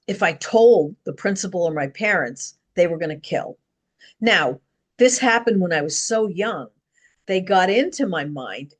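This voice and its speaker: A middle-aged woman talking to camera in an earnest, rambling personal monologue, pausing and restarting as she goes. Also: lowish voice. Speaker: vlogger.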